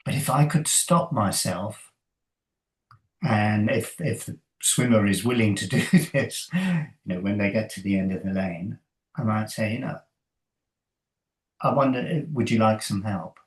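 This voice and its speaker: A man, a coach and interview guest, talking thoughtfully in a halting way with many fillers and soft laughs. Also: on the low side, expressive, rough recording. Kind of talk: conversational interview.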